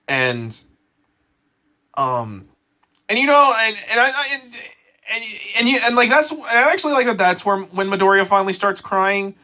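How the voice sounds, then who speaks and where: A man casually rambling through an anime episode review, full of fillers, restarts and excitement. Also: fairly high pitch, moderate pace.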